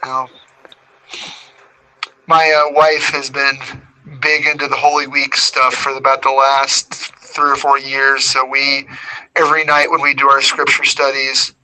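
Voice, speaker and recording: A man's voice: medium pitch, completely flat delivery, measured pace, pushed and bright, rough recording. A man chatting on a livestream while painting at home, joking and digressive. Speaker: regular stream guest. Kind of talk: casual chat.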